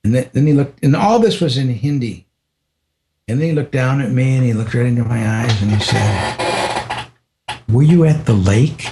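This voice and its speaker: There's background noise as an older man with a medium-pitched voice relates a personal story in an interview. His telling is halting, with restarts and frequent drops into softness.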